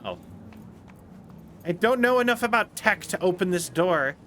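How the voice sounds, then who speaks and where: Bright-voiced chatty male streamer. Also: high voice, lively intonation, normal speed, slight background noise. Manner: chatty, rambling, jokey asides to chat. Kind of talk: casual gameplay commentary.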